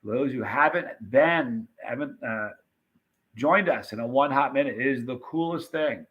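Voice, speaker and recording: A man hosting a casual live stream, reading viewer comments and rambling excitedly about old movie scenes. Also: mid-range voice, normal speed, lo-fi sound. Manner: chatty, rambling, animated retelling of movie scenes.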